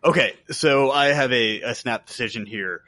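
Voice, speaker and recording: A man's voice: mid-range voice, moderate pace, bright, forceful tone, no echo. A man in his thirties co-hosting a podcast, teasing his friends with mock indignation. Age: 30s. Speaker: podcast co-host. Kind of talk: casual chat.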